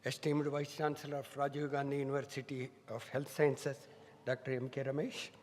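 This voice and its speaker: A middle-aged man giving a formal welcome speech as a medical college director, measured and full of honorifics. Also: mid-range voice, little pitch movement, a little mellow, a little hiss or hum. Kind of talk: formal ceremonial address. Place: large hall. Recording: long hall reverb.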